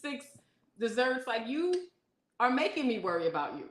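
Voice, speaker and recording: A woman's voice: a little high, big pitch swings, normal speed. A woman co-hosting a relationship podcast, teasing her partner and scolding him with worried laughter. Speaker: podcast co-host. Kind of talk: casual couple banter. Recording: echoey room.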